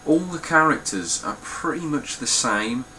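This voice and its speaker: A man's voice: mid-range voice, animated, a little slow, bright, forceful tone, a little hiss or hum, rough recording. A young man talking casually through his game collection, blunt and swearing freely. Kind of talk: casual spoken collection walkthrough.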